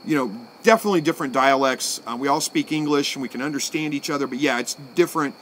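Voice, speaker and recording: A man's voice: medium pitch, quick pace, slight background noise. Folksy man hosting a live stream. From Southwest Missouri, USA. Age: 40s. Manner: relaxed, folksy, thinks out loud. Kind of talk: casual live-stream chat answering viewer comments.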